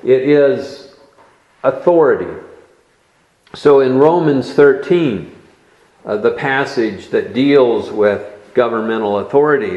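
A man preaching an expository sermon, teaching in a measured way and stressing key words. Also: mid-range voice, a little mellow, reverberant, dull audio.

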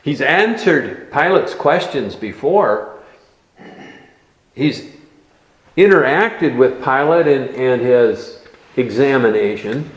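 A man delivers an expository sermon at an unhurried pace, weighing each point and leaning on key words. His voice carries through a roomy space with plenty of echo, and the recording is a little dull and muffled. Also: mid-range voice. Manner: measured teaching, stressing key words. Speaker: preacher.

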